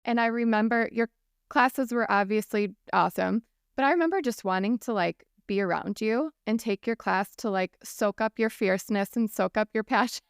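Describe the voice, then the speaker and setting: Enthusiastic woman host, very crisp voice. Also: fairly high pitch, normal speed, no room sound, studio quality. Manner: enthusiastic, laughs often, admiring. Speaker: podcast host. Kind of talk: interview conversation.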